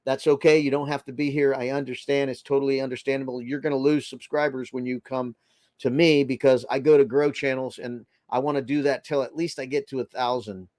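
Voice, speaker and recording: Speaking fairly quickly at medium pitch with little pitch movement, this man has a darkish tone and no echo around him. He's a Boston-area host with a slight local accent, running a laid-back stream, welcoming viewers by name and rambling with lots of fillers.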